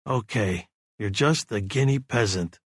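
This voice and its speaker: A man voicing a weary former star singer who talks low and gruff, in easy street slang, in an audiobook. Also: measured pace, dry recording, studio quality. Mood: gruff teasing.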